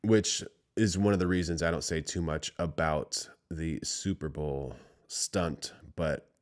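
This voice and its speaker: Deep-voiced man giving rambling reaction commentary. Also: a little slow. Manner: rambling, trailing off into quiet asides. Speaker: reaction streamer.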